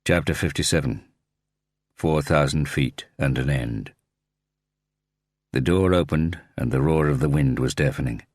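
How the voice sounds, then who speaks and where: Man, audiobook narrator, very deep voice, steady measured reading, dry close recording. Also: dry recording. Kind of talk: scripted narration of a thriller audiobook.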